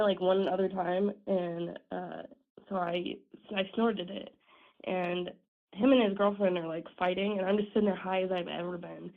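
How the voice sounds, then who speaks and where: A woman caller who is sick, telling a story bluntly, swearing and laughing along the way. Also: mid-range voice. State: sick, strained voice. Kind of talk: phone-in storytelling. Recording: tinny phone line.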